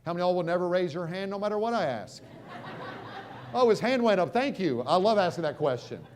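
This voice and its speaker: A middle-aged American man giving a motivational seminar talk, quizzing the crowd and swinging from loud punches to hushed moments. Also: high-pitched, animated, brisk. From United States. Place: stage at a live seminar.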